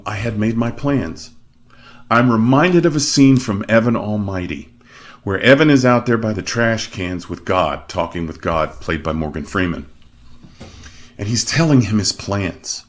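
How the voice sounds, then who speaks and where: A middle-aged male opera singer hosts his own show, telling the story of his career as a monologue. His speaking voice sits low, and he keeps it lively and self-deprecating, shifting his delivery for emphasis.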